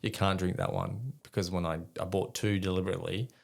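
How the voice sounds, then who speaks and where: Australian man, middle-aged, deep, gravelly, casual rambling storyteller, swears freely, laughs at himself. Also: fairly even intonation, fairly quick. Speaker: guest, army veteran.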